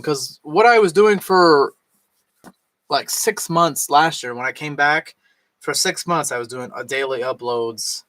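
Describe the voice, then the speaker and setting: A tipsy man in his thirties rambles through a casual vlog, swearing freely and slipping into a higher voice to mimic others. His pitch sits in the middle range for a man. The sound is dry and close, with no room echo. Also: bright, forceful tone. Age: 30s. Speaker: vlogger.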